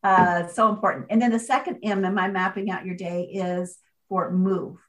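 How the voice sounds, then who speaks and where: A woman author being interviewed, speaking in an energetic, motivational way and driving her points home with repetition. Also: mid-range voice, normal speed, low-quality recording. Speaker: author guest. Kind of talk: conversational interview.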